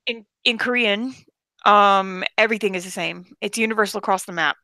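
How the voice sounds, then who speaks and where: Casting note: chatty woman, bright and forceful tone, dry close sound. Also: medium pitch, brisk, no echo. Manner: blunt, joking, chatty. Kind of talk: casual chat.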